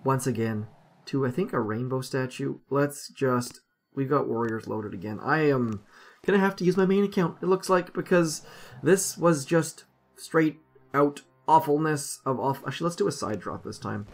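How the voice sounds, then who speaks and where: A man commentating over his own mobile strategy gameplay, rambling casually and mocking his own mistakes, with sudden excited outbursts. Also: medium pitch, moderate pace. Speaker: gaming commentator.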